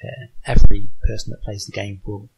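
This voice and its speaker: A man guest on a podcast, talking casually about designing a board game, halting with many ums and restarts. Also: on the low side, monotone, gravelly, heavy background noise.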